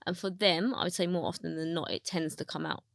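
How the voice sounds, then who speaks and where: A woman's voice: on the low side, fairly even intonation, brisk, gravelly, a little hiss or hum. A woman hosting a podcast interview, affirming and enthusiastic as she responds to her guest. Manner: warm-hearted, affirming, enthusiastic. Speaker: podcast host.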